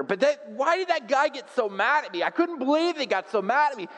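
A man preaching a sermon as pastor, telling stories with self-deprecating humor and swinging from quiet reflection to loud, animated outbursts. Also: extremely high pitch, brisk, in a large hall.

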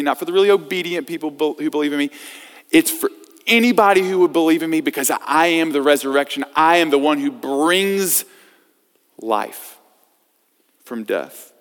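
Preaching man. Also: a little high. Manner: expressive preaching, swinging from loud emphasis to hushed reading. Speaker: pastor. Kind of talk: sermon. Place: church sanctuary. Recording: long reverb of a church hall.

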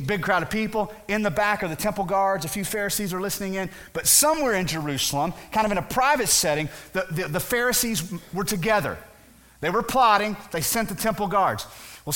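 A man's voice: on the high side, a bit bright. A male pastor preaching a conversational sermon, briefly acting out the voices of the people in his story. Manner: conversational, acts out voices of the crowd.

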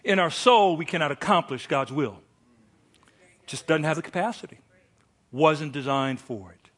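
High-voiced preacher, hushed to shouting. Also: male voice, moderate pace. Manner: animated storytelling, swinging from hushed to shouted. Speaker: pastor. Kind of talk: sermon.

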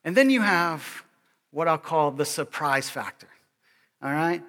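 A male pastor giving a sermon in an animated, joking way, often checking in with the congregation. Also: on the high side, a little slow, in a large hall. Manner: animated and joking, keeps asking "all right?".

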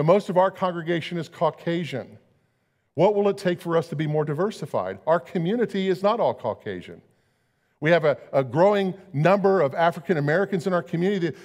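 A man's voice: high-pitched, darkish tone, long reverb tail. A man preaching a sermon as pastor, talking conversationally and asking his listeners rhetorical questions.

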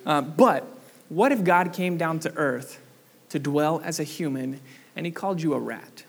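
A young adult man preaching a sermon, animated and asking the congregation questions. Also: on the high side, measured pace. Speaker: pastor.

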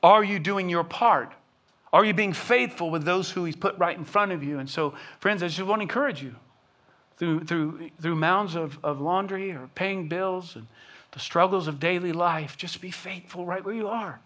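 A man's voice: sits high, normal speed, fairly bright tone. A middle-aged man preaching a sermon as pastor, earnest and building to impassioned emphasis, often restarting words as he pushes a point.

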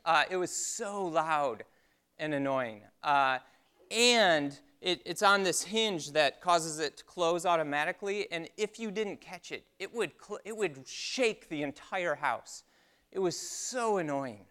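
A man preaching with a bright, clear, resonant voice, a little higher than most men. He tells stories with lively energy, then eases into slow, quiet reflection. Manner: storytelling, animated, then slow and hushed for reflection. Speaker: pastor. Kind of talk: sermon.

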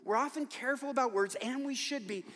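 The voice is very high, quick and a bit bright, carrying a big-room sound. It belongs to an older man, an author and conference speaker, preaching a sermon in a large church with humorous, emphatic stories.

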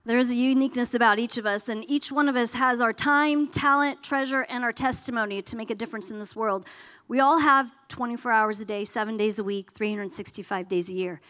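A woman's voice: a little high, fairly quick, a bit bright. A woman giving an earnest teaching sermon about everyday mission. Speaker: speaker.

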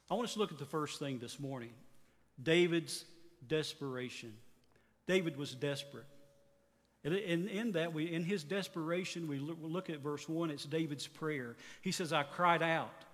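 Man in his fifties preaching, somewhat high voice, long church reverb, earnest rising and falling delivery. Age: 50s. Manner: earnest preaching, voice rising on exhortations and dropping low at phrase ends. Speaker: pastor. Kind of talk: sermon.

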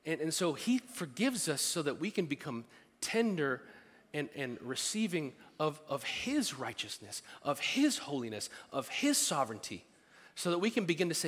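A middle-aged man preaches a sermon in a bright, fairly high voice. He stays animated and throws in playful asides and little acted-out voices. His words ring out with a long reverb, as in a large church hall. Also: normal speed, slightly rough. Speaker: pastor.

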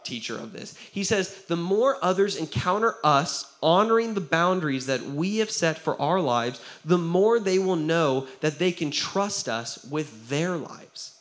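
A man's voice: on the high side, lively intonation, measured pace, hardly any pauses. A young man preaching a sermon as pastor, conversational and earnest, often checking in with "right?" and acting out quoted voices. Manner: acts out quoted voices, drops to a quiet tone for serious stories.

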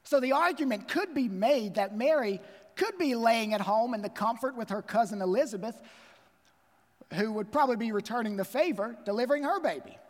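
A man's voice: very high voice, a little fast, in a large hall. A man preaching a sermon as pastor, emphatic and repeating key phrases.

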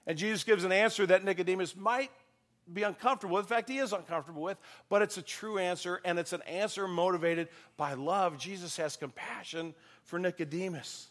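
A man's voice: sits high, brisk, a bit bright. A male pastor giving a conversational sermon, telling anecdotes and building to emphatic passages.

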